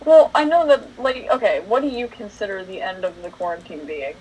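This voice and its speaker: A woman's voice: mid-range voice, sing-song, fairly quick, a little mellow, a little hiss or hum, low-quality recording. A teenage girl from New Jersey co-hosting a casual podcast, chatty and wry, laughing at her own stories. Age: teen. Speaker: podcast co-host. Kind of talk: casual chat.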